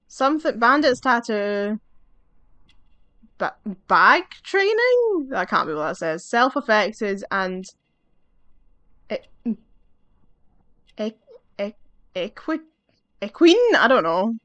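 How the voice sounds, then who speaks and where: A woman's voice: fairly high pitch, big pitch swings, slow, long pauses, a bit bright, no echo. Chatty woman narrating her gameplay. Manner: chatty, musing aloud, wry. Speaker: gamer playing through a game. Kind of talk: casual let's-play commentary.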